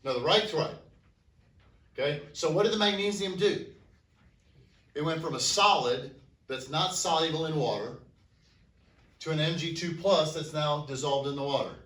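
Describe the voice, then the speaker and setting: In an echoey classroom recorded from a distance, a man with a slightly high, fairly bright voice teaches high school chemistry at a moderate pace. He pauses often while asking students questions that he then answers himself.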